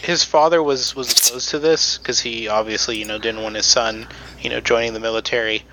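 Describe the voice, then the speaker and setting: A man's voice: mid-range voice, fairly even intonation, brisk, sharp tone, slight background noise, low-quality recording. A man on a podcast presenting research in casual chat, with many ums and restarts.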